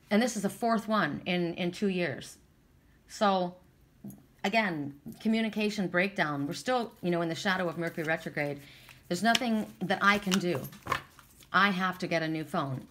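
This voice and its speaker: A woman's voice: fairly low pitch, normal speed, background noise. A woman doing a casual spiritual tarot reading, chatty and emotional, at times close to tears. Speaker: tarot reader.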